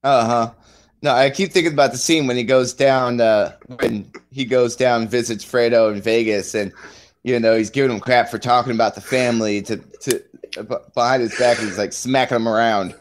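A man co-hosting a podcast, chatting casually about a TV show in halting sentences. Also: mid-range voice, steady tone. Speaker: podcast co-host.

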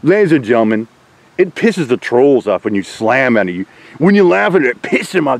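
A man's voice: mid-range voice, big pitch swings, moderate pace, gravelly, poor audio. A middle-aged man ranting at his online critics, taunting and swearing with mocking laughs. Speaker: YouTuber ranting at trolls. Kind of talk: profane rant to camera.

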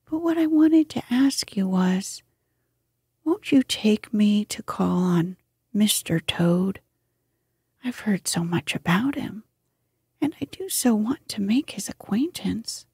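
Woman whispering as a careful little mole guy, whispered role-play, breathy and mellow, dry. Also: mid-range voice, animated, slow pace, no echo, exaggerated voice. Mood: gentle. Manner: cautious and soothing. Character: mild, cautious, candid little male mole.

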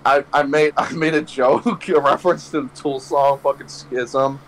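A man's voice: medium pitch, steady tone, normal speed, a bit bright, a little hiss or hum, low-quality recording. A young man hosting a podcast, telling a rambling story full of swearing and laughing at his own jokes. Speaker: podcast host. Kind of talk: casual storytelling chat.

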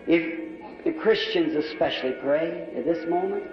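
Fervent preacher pleading in a big hall. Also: male voice, a little high, moderate pace. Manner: fervent, pleading, repeating appeals. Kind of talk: sermon altar call and prayer. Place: large church with balcony and box seats. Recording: old lo-fi hall recording from far off, faint music.

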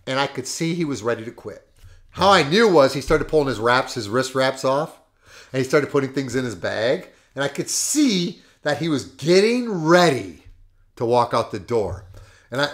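Animated man telling a story. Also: on the high side, moderate pace. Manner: animated, emphatic, laughs often. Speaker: podcast host and fitness coach. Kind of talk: casual storytelling.

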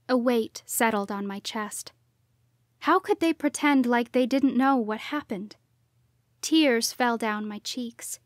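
A woman narrating a first-person audiobook in a hushed voice that often drops to a whisper. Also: a little high, dry recording, clean studio sound.

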